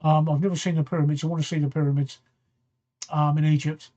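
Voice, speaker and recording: A man's voice: fairly high pitch, flat delivery, fast talker, mellow, lo-fi sound. A man, hosting a late-night talk stream, rambling and repeating himself as he answers viewer comments. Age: 60s. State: tired, yawning late at night. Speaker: talk show host. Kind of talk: casual live-stream chat.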